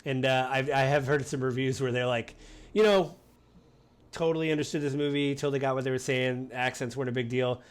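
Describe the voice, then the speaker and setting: An American man hosting a relaxed podcast conversation. He rambles through his thoughts and slips into animated voices whenever he quotes someone. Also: mid-range voice, brisk, clear, resonant tone. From United States. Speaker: podcast host. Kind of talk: casual chat.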